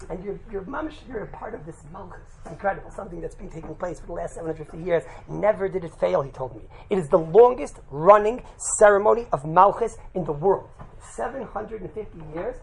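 A man teaching a religious class, telling a lively anecdote with laughs and quick "right?" asides, mixing in Yiddish and Hebrew terms. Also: high voice, creaky, rough recording. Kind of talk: animated storytelling talk to a group.

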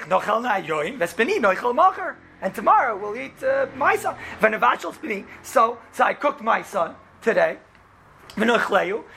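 A man teaching a casual class as a rabbi, telling the story in an animated way and acting out the quoted lines, with lots of "right?" and "you know". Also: sits high, vocal fry, slight background noise. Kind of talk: casual classroom Torah lesson.

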